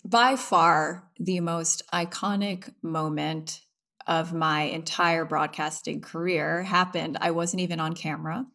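A woman's voice: low voice, takes it slowly, vocal fry. A woman, a former model and host, chatting as an interview guest and acting out quotes as she tells stories. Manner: animated storyteller, acts out quotes. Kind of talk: casual conversational interview.

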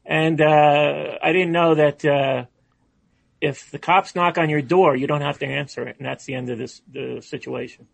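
A man calling in to a comedy talk show, telling a story in a hesitant, halting way. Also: fairly high pitch, steady tone, gravelly, no room sound. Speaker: caller. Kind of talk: comedic call-in chat.

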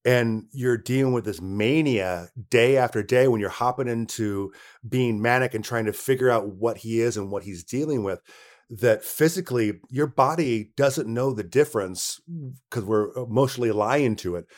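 A man speaks as an actor guest in a casual interview conversation, his mid-range voice a little mellow and his pace moderate. He relays stories from set, voicing what others said to him.

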